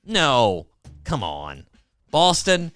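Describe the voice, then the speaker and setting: A man hosts a casual podcast, wry and sarcastic as he talks to his co-host. His voice swings widely in pitch and sounds smooth and resonant. The recording is dry and close. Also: wildly swooping pitch, very slow, a bit bright, no echo, faint music behind. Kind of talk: casual chat.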